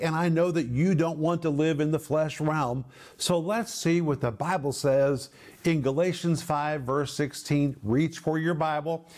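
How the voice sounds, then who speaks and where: A man teaching the Bible on a broadcast program, emphatic and stretching key words out slowly. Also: a little high, a little mellow.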